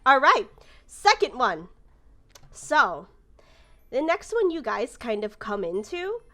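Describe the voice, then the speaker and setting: A woman's voice: high-pitched, sing-song, slow pace, bright, forceful tone. A woman running a tabletop game as game master, narrating casually with lots of fillers. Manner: casual, rambling with many fillers.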